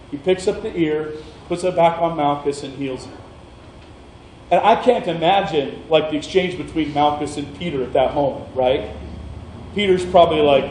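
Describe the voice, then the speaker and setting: A male pastor delivering a sermon, retelling a scripture story in a lively, playful way. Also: high voice, moderate pace, echoey room, a little hiss or hum, poor audio.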